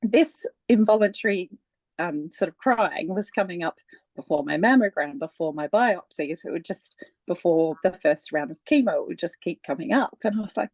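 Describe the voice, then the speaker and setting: A woman speaking as a guest in a relaxed, conversational personal account, with frequent laughs and many fillers. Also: lowish voice, moderate pace, gravelly, no echo.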